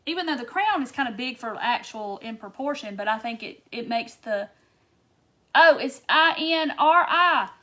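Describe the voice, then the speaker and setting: A woman's voice: fairly high pitch, animated, normal speed. Chatty woman hosting a live craft demo. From Wisconsin. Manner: chatty, answers viewer comments, mutters soft asides to herself. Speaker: craft tutorial host.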